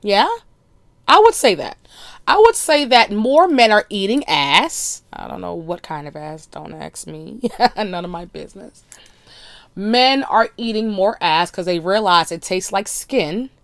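A woman hosting a podcast, talking in a blunt, crude, animated solo monologue with laughing asides. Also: mid-range voice, unhurried, creaky, dry recording. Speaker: podcast host.

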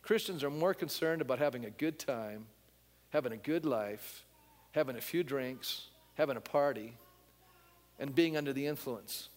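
A man's voice: mid-range voice, moderate pace. Emphatic man preaching in a reverberant hall. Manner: conversational, asks the congregation questions; emphatic and blunt. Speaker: pastor. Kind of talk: sermon.

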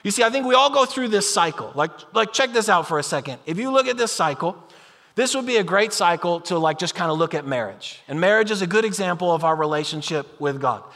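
Male preacher with a high, bright voice, lively and chatty delivery, long hall reverb. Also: fast. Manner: animated, conversational, acts out imagined voices. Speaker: pastor. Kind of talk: sermon.

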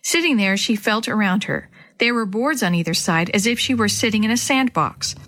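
A gentle woman storyteller reading a children's chapter book aloud. She speaks clearly and warmly to young listeners, with a steady storybook delivery. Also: medium pitch, moderate pace.

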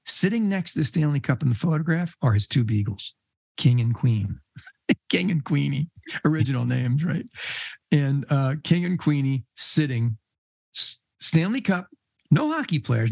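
A man's voice: fairly high pitch, sing-song, moderate pace, breathy edge, no echo. An older man, a podcast guest, telling casual rambling anecdotes and laughing mid-sentence. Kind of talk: casual storytelling.

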